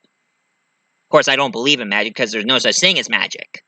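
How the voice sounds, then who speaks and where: A man's voice: mid-range voice, normal speed, bright, forceful tone, dry recording. A man casually retelling a movie plot as a reviewer, rambling and chatty, with loose grammar and many fillers.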